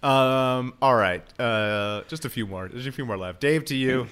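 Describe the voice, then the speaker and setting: A man's voice: medium pitch, unhurried, few pauses, a bit bright, clean tone. Male podcast host, casual banter, quiz-master reading quotes. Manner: reads quotes aloud, laughs often.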